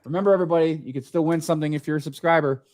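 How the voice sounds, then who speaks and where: A man's voice: fairly high pitch, fairly even intonation, racing, loud music behind the voice. A man hosting a live-stream chat show, exclaiming and apologizing in a sing-song way as he runs a giveaway. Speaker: host.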